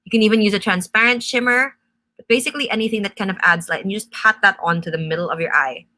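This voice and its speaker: Quick-paced, pushed, and bright, with a medium-pitched voice, this young woman leads a live makeup tutorial for a brand. She chats her way through each step like a teacher and fields viewers' comments as they come in.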